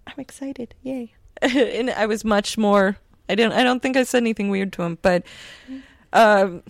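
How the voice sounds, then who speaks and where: A woman's voice: medium pitch, normal speed, no room sound, clean studio sound. A woman co-hosting a podcast, chatting casually and telling playful stories with frequent laughs. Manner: giggly, playful storytelling. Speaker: podcast co-host. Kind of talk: casual chat.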